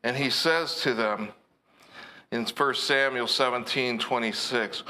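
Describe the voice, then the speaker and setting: A male preacher tells a scripture story slowly and with care, his voice bright and forceful. He keeps it earnest and conversational, with a faint hiss of noise behind him. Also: medium pitch, steady tone. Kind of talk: sermon retelling a scripture story.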